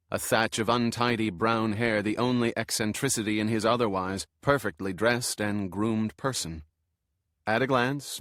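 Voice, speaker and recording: A man narrating an audiobook in a measured, steady way. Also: medium pitch, no echo, clean studio sound.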